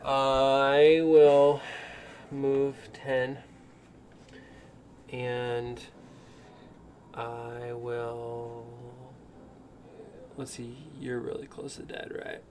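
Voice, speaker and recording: A man's voice: mid-range voice, extremely slow, pauses often, a little hiss or hum. Rambling man playing a tabletop game. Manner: rambling and animated, laughs a lot. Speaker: player. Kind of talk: casual play with in-character narration.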